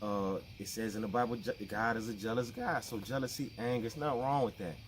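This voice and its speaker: A man's voice: on the low side, fairly quick, a little hiss or hum. A man with explaining things in a casual, conversational talk to camera. He often repeats himself and acts out the people he quotes. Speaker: vlogger.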